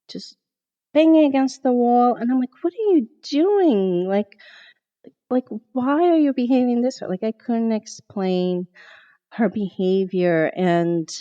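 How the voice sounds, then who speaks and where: A middle-aged woman, a therapist guest on a podcast, telling a personal story in an animated way and acting out her own past thoughts. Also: fairly low pitch, dull audio.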